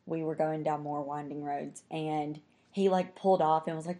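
A woman's voice: sits low, flat delivery, normal speed, warm tone. A young woman telling a story in casual chat, talking chattily and saying "like" constantly.

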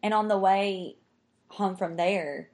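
A woman's voice: medium pitch, slow pace, darkish tone. A young woman telling a story in casual chat, talking chattily and saying "like" constantly.

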